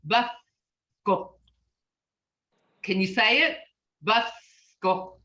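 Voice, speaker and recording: A woman language teacher in a recorded class, patiently repeating words slowly so her students can copy them. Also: mid-range voice, big pitch swings, sharp tone. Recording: roomy, distant, muffled class recording.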